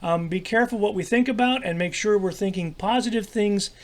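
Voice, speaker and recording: Man, kids' church lesson, higher voice, friendly, halting, lots of fillers. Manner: friendly, halting, with many fillers and repeated words. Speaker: children's church teacher. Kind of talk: children's devotional lesson.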